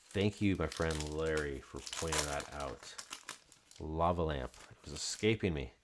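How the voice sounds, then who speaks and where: A man's voice: a bass voice, unhurried, background noise. A man hosting a card break, chatting casually and calling out card names as he opens packs.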